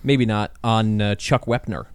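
A man's voice: lowish voice, steady tone, measured pace, smooth, dry recording. A man co-hosting a podcast in casual chat, swearing freely and riffing on jokes. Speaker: podcast co-host.

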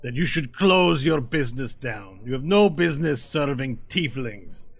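A man's voice: medium pitch, animated, creaky, voice pushed up. A man voicing a rowdy, drunken male tiefling gang leader who sneers and drags out his threats. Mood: sneering. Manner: loud, sneering, drawn-out threats.

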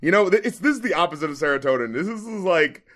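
A man with a slightly high voice hosts a casual podcast reviewing rap records as a critic. He's animated, swears freely, and briefly puts on voices to act out lyrics.

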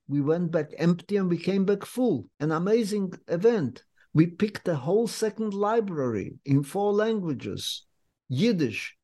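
An older man from Lithuania, recounting his memories in an interview as a vivid, unhurried storyteller. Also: high-pitched, a little mellow. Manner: vivid, unhurried storyteller with slightly non-native English phrasing. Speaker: interviewee, memoir author.

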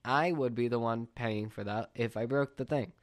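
A man's voice: mid-range voice, moderate pace, no room sound, clean studio sound. A young man in his late teens hosting a podcast, ranting in an exasperated, casual monologue. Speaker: podcast host.

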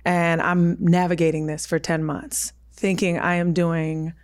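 A woman's voice: lowish voice, flat delivery, measured pace. A woman in her thirties, a podcast guest, telling a personal story candidly and with emphasis, acting out her own quoted words.

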